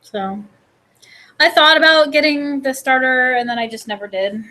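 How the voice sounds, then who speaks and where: Chatty woman vlogger with a higher voice. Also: moderate pace, bright, forceful tone, poor audio. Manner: chatty, rambling with many fillers. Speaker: vlogger and host. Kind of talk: casual chat.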